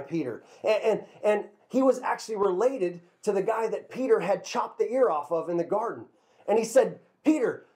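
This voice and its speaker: A man telling a Bible story to children as a kids' pastor, lively and a little halting, often repeating a word before going on. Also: high-pitched. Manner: lively storyteller, repeats words while talking.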